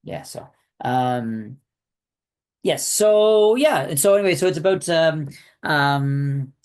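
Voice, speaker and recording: A man co-hosting a podcast about films, rambling and halting, often ending with "right?". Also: fairly high pitch, expressive, a little mellow, smooth. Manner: rambling, halting, lots of 'right?' tags. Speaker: podcast co-host. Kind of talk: casual film chat.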